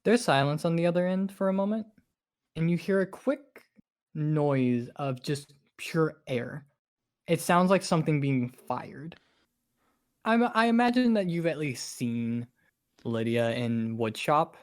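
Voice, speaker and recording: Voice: medium pitch, measured pace. Brief: easygoing game master describing the scene to players, plain mid voice. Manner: relaxed, conversational narration with casual swearing. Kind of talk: narrating a tabletop game.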